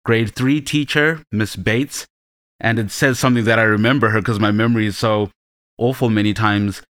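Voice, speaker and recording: A man reminiscing slowly and reflectively about his strict teachers and father on a podcast. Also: lowish voice, steady tone, fairly bright tone, dry recording, studio quality. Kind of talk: reflective personal anecdote.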